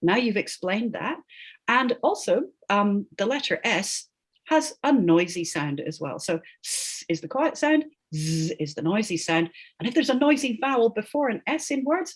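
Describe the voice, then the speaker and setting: Husky, lively-pitched woman explaining spelling. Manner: emphatic, often tags "right?", laughs between points. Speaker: guest, educational linguist. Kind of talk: animated explanatory interview talk.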